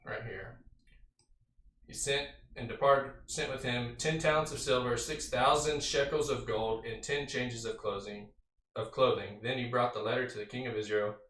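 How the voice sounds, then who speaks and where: A man's voice: mid-range voice, steady tone, normal speed, fairly bright tone. A man casually teaching a Bible study, reading scripture aloud and then explaining it in a conversational way with fillers. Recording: roomy sound from a distant mic.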